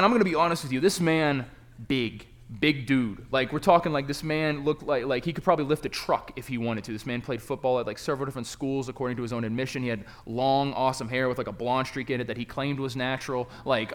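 A young man preaching a sermon, telling a personal story in a conversational way that swings from quiet reflection to loud, excited emphasis. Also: medium pitch, fast talker. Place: church.

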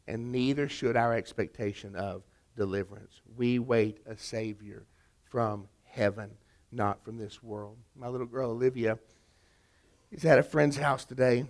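A middle-aged pastor preaching a sermon, pressing his listeners with rhetorical questions and dropping into quiet storytelling. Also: mid-range voice.

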